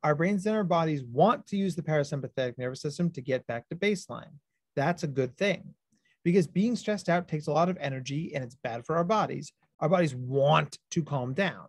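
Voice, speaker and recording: A man, a clinical psychologist, giving a high-energy livestreamed talk to parents, explaining ideas plainly and acting out lively stories to make his points. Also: brisk, no echo, clean studio sound. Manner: high-energy, animated storytelling.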